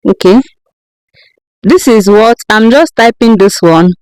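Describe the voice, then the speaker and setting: A woman's voice: medium pitch, slow pace, darkish tone, smooth, dry recording, rough recording. Woman teaching step by step. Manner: patient step-by-step instructing, checking in with "okay?". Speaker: tutorial creator. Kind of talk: screen-recorded how-to tutorial.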